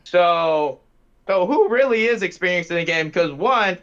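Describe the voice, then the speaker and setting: Argumentative high-voiced young man, muffled. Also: animated, a bit bright, clean tone. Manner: argumentative, rapid-fire, swears a lot. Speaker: gamer in a voice chat. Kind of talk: heated casual banter.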